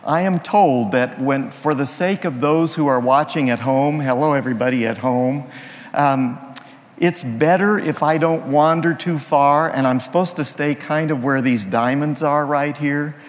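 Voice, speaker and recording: A man's voice: a little high, measured pace, in a large hall. A man, a priest, opening his sermon with folksy jokes before turning serious. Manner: folksy, playful joke-telling. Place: church.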